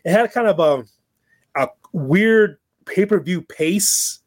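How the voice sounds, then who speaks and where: Man, fairly high voice, dry close sound, casual podcast chat, animated storyteller. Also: takes it slowly, no echo. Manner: animated storyteller, laughs often, repeats words. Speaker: wrestling podcast co-host.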